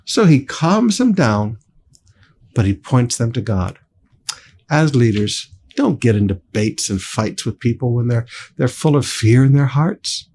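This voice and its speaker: A man's voice: medium pitch, very animated, a little slow, darkish tone, a little hiss or hum. A man pastor preaching a sermon, emphatic and speaking straight to his congregation.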